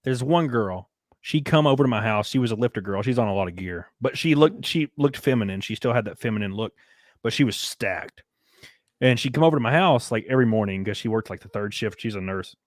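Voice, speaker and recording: A man's voice: lowish voice, expressive, brisk, dry recording, studio quality. A young man hosting a podcast, talking crudely in a casual, rambling way with many restarts. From American South. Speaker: podcast host. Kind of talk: casual chat.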